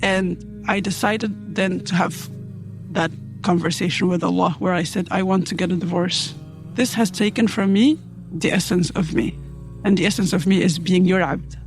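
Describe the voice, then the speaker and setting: A woman's voice: lowish voice, fairly even intonation, normal speed, soft background music. A woman giving heartfelt personal testimony, earnestly retelling events and acting out the dialogue as she goes. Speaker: storyteller guest.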